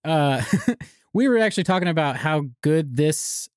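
A man's voice: a little high, lively intonation, a little slow, darkish tone, clean tone, no room sound, clean studio sound. A man co-hosting a podcast in a casual comedic chat, giggly and self-deprecating. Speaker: podcast co-host.

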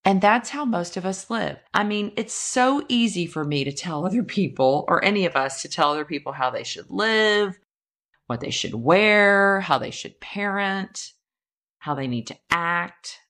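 A woman's voice: medium pitch, expressive, measured pace, a bit bright. A woman, likely in her thirties, talking candidly and self-deprecatingly about a personal experience, laughing now and then. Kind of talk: reflective personal monologue.

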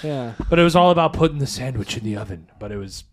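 A man's voice: medium pitch, lively intonation, fast talker, a crowd in the background. A man co-hosting a podcast in casual banter, telling crude, rambling stories. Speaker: podcast co-host.

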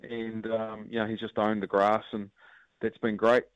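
A man's voice: on the low side, normal speed, clean tone, no echo, dull audio. A man, a rugby coach guest speaking candidly with many fillers. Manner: relaxed, honest, filler-heavy. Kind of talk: casual interview.

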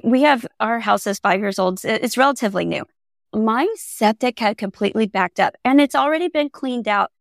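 A woman's voice: fairly high pitch, vocal fry, no room sound, studio quality. A middle-aged woman from California, a guest on an interview show, who tells stories in a casual way and laughs often. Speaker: guest, auctioneer.

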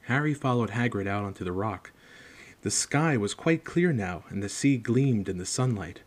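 A man hosting a show and reading a book aloud in a measured, steady narration. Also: on the low side. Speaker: host and reader. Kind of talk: audiobook narration.

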